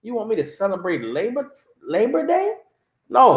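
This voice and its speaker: A man preaching on a livestream, animated and mocking, often asking "You understand?". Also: high voice, normal speed, reverberant. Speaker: religious teacher.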